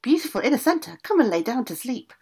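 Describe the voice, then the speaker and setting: Woman voicing a shrill, nagging old witch. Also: very animated, fast, breathy edge, exaggerated voice. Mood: calling. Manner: loud, insistent calling.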